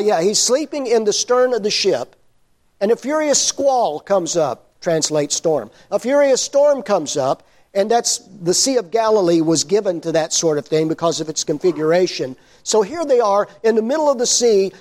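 A middle-aged man preaching a sermon, telling Bible stories with lively acted-out shouts and hushed endings. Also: sits high. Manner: animated storyteller, acts out disciples' shouts, drops to hushed tones.

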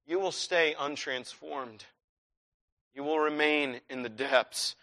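A man preaching a sermon, telling a personal story with lively swings from hushed to shouted. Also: a little high, takes it slowly.

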